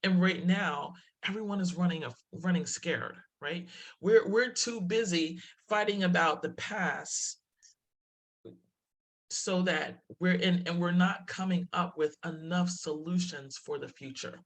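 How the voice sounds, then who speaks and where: A woman's voice: fairly low pitch, a little slow. A woman speaking as a diversity presenter in a webinar talk, telling stories, laughing often and restarting her phrases.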